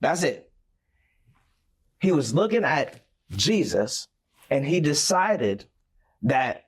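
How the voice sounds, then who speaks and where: Husky man telling a story animatedly. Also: on the high side, slow pace, pauses often. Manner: animated storytelling, acting out the scenes. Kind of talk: casual faith discussion.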